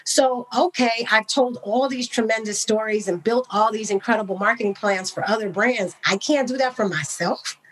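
A woman from Napa, California, a guest in a casual interview, talking in an animated, enthusiastic way with lots of "like" fillers. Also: on the high side, normal speed, hardly any pauses, slightly rough, poor audio. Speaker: podcast guest, wine entrepreneur.

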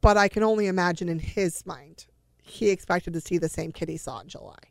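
A woman's voice: fairly low pitch, fairly quick, creaky, a little mellow, dry recording, clean studio sound. A woman in her forties, a mother earnestly recounting a family story as an interview guest, sighing often and acting out what each person said.

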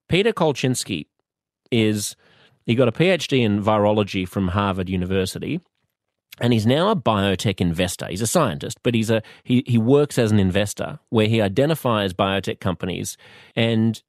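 A man with an Australian accent hosting a podcast, speaking in a thoughtful, measured monologue with pauses and restarts. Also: lowish voice, expressive, no room sound, studio quality. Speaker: podcast host. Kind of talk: reflective monologue.

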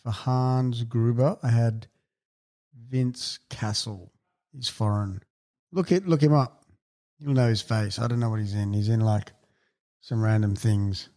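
A man co-hosting a casual movie podcast. His humour is dry and deadpan. His tone is dark and mellow, at a middling pitch. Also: unhurried, pauses often. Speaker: podcast co-host.

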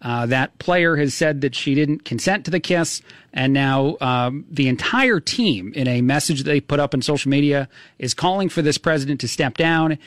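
A man hosting a talk radio show, musing out loud with many fillers and restarts. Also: fairly high pitch, normal speed, dry recording, clean studio sound. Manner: rambling, full of uh and restarts. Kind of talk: casual talk radio commentary.

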